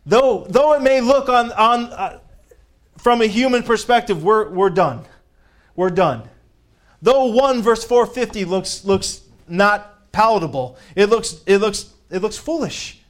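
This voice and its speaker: A man's voice: high-pitched, measured pace. A man preaching a sermon and reading scripture aloud, emphatic, rising on key phrases and repeating words as he builds a point.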